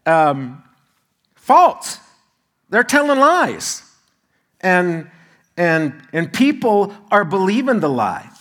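A man's voice: sits high, very animated, drawn-out words, pauses often, a bit bright. A male pastor preaching a sermon in a conversational way, with asides to the congregation.

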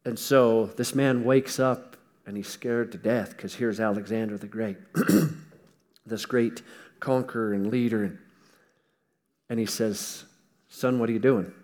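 A man preaching a sermon in a folksy, emphatic way, swinging between loud stresses and hushed asides, with touches of humor. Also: lowish voice, fairly even intonation, slow, long pauses, long reverb tail.

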